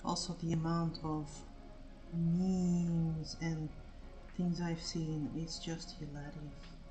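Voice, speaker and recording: A woman's voice: low-pitched, little pitch movement, takes it slowly, dark tone, soft background music, low-quality recording. Rambling, foul-mouthed woman streamer. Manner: rambling, swears freely. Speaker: art streamer. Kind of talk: casual chat while painting.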